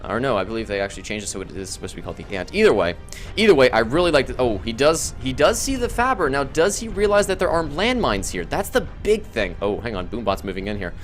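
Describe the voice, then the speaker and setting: A man casting a strategy video game match, who gets loud and excited at big moments. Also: mid-range voice, fast, soft background music. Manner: excitable, shouts and laughs at big plays. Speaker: game caster. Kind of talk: esports commentary.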